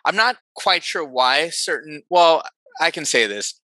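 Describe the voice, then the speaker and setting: A man with a very bright, forceful voice speaks thoughtfully in a casual podcast conversation. He gets animated and corrects himself as he goes. The sound is dry and close to the mic. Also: a little high, measured pace, no room sound, low-quality recording.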